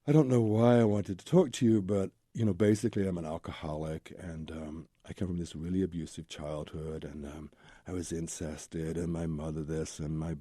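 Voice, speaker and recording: A man with a low, very dark and mellow voice tells his life story as an interview guest. His tone is husky and breathy, recorded close and dry. He talks candidly and rambles through long tumbling lists. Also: steady tone, normal speed, hardly any pauses, no room sound. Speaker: guest, Zen Buddhist teacher.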